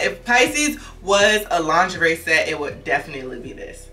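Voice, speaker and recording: A young woman in her twenties doing a lingerie try-on haul, talking in animated slang, repeating herself and breaking into sudden high exclamations. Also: slow pace, recorded from a distance, soft background music. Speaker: fashion vlogger.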